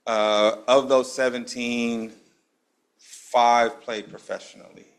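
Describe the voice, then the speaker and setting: A man's voice: medium pitch, level tone, slow pace, smooth. A man, a basketball coach on a panel, answering in a casual, reflective way. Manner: reflective, casual, uses "right?" as a tag.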